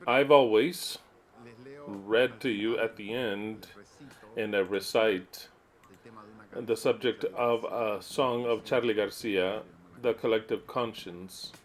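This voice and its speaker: A man preaching to his listeners in an earnest teaching style, repeating his points and reading aloud and explaining them. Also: on the low side.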